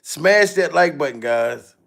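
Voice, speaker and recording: A man's voice: a little high, lively intonation, measured pace, gravelly, fairly bright tone. A man giving profane, mocking reaction commentary to a live stream audience, laughing and swearing often.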